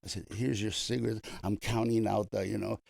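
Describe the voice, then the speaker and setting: A man's voice: lowish voice, flat delivery, fairly quick, vocal fry, a little mellow, no room sound. An older man, a comedian being interviewed, telling long stories in a casual, rambling way with many restarts. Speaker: comedian guest.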